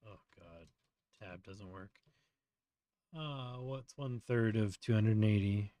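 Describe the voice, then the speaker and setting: A man hosting a casual live tutorial, thinking aloud at a slow pace while he works. He mutters and trails off, then explains things chattily with lots of fillers. His voice is close-miked and dry, with no room sound. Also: lowish voice, dark tone, no room sound. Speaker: host.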